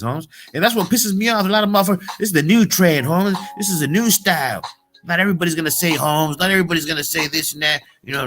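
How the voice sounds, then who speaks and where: A man's voice: mid-range voice, sharp tone. A man delivering a heated, profane, slangy monologue as a motivational vlogger. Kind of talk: casual ranting monologue.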